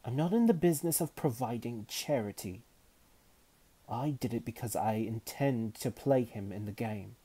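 A man reading aloud and voicing an imperious, scheming woman wizard who speaks with haughty calm. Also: medium pitch, unhurried, voice pushed up. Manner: haughty and calmly menacing.

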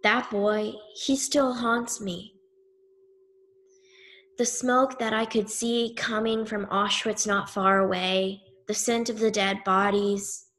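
Woman storyteller, measured first-person telling, very unhurried, solemn emphasis. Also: mid-range voice, a bit bright. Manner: slow, grave, emphatic with pauses. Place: synagogue event.

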